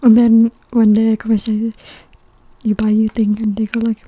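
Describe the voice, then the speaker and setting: A woman's voice: fairly high pitch, monotone, moderate pace, dark tone, husky. Whispering young woman from Sweden, stuffy nose. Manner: chatty whispered storytelling between bites. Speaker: mukbang ASMR creator. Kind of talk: whispered role-play.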